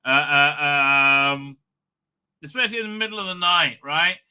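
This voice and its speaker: A man's voice: a little high, steady tone, measured pace, bright, forceful tone, clean tone. A man hosting a live stream, rambling and ranting with lots of swearing and filler words. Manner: profane, ranting, many fillers. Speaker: livestream host.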